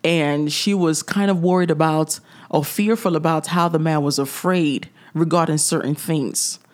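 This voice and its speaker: Lowish-voiced woman preaching on a podcast. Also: steady tone, normal speed, a little mellow. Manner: preachy, direct, chuckling asides. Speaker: podcast host. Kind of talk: faith-based podcast talk.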